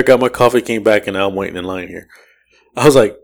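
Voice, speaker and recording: A man with a fairly low-pitched voice tells a rambling story on a casual podcast. He swears freely, laughs between lines and jumps into quick impressions of the people he ran into. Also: creaky. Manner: animated, profane, laughs often, mimics people in his story. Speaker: podcast host.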